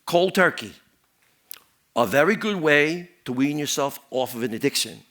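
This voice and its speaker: A man playing a rambling, paranoid married guy who tells deadpan puns, jumps from topic to topic and mutters at the end of each rant, in a stand-up character monologue. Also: fairly high pitch, moderate pace.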